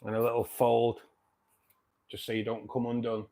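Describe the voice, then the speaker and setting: A man's voice: mid-range voice, monotone, moderate pace, mellow. A man in his fifties hosting a casual fish-keeping livestream, chatty and jokey, thanking viewers by name. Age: 50s. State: dry throat. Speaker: livestream host. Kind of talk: casual live chat.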